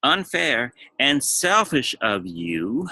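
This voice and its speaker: A man's voice: medium pitch, big pitch swings, slow pace, bright, forceful tone, dry recording, low-quality recording. A man talking as a dating coach, giving emphatic advice and repeating phrases to drive points home. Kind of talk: advice monologue to camera.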